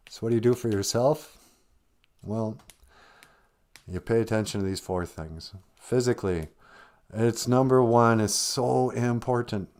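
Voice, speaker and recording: A man hosting a live stream, talking casually about grief with gentle, self-deprecating humor while holding back tears. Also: medium pitch, measured pace, pauses often. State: close to tears.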